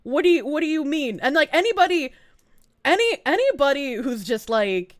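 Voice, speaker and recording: A woman with a Boston accent and a gruff, grating voice, chatting bluntly and profanely on a live stream, laughing often. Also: sits high, big pitch swings, moderate pace, dry recording, clean studio sound. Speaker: VTuber streamer. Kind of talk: casual live-stream chat.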